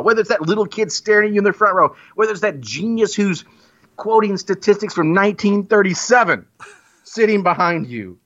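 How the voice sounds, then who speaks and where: A man's voice: on the high side, fairly bright tone. A man giving a playful, theatrical mock-persuasive monologue in a self-mocking way. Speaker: guest making a comic pitch. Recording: muffled lo-fi recording.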